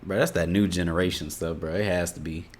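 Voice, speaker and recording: Young indiana guy reacting to vids, kinda low voice, chill but fed up, laughs a lot. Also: steady tone, a little fast. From Indiana, USA. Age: 20s. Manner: laid-back, laughs often, exasperated. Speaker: reaction video host. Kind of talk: casual reaction commentary.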